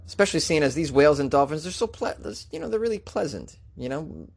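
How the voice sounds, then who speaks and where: A man's voice: on the high side, sing-song, fast talker, gravelly, slight background noise. A man reading odd news stories aloud and breaking in with sarcastic, incredulous asides, in a casual comedic commentary style. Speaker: podcast host reading news.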